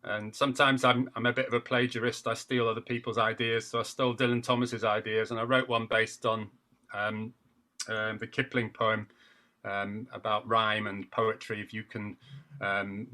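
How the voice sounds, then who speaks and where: A man being interviewed as a poet, talking in a casual, reflective, self-deprecating way, with thoughtful pauses and fillers. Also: fairly low pitch, level tone, sharp tone. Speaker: poet guest.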